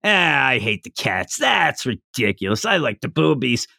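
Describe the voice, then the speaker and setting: A man voicing a brash, girl-crazy teenage boy hero who shouts over the top in a comic reading. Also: medium pitch, sing-song, moderate pace, creaky, no echo, clean studio sound, heavily acted. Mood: hyped.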